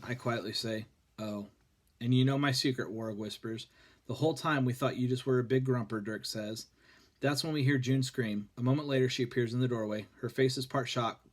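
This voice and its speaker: A man reading a children's novel aloud in a plain, steady voice, with few changes for the characters. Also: mid-range voice. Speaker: reader.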